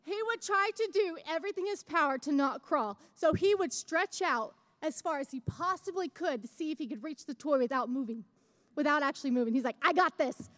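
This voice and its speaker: A young woman with a very high voice gives a church message. She talks in a chatty, self-mocking way, then rises into fervent exhortation. It sounds like a live church service. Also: animated, a little fast, fairly bright tone, in a large hall. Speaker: church speaker. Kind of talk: sermon with personal story.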